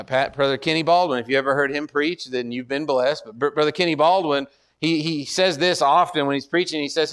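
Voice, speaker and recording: A man preaching a sermon in an earnest way, often repeating words as he builds to a point. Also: a bit bright. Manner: earnest, repeats words, rises in pitch and force when exhorting.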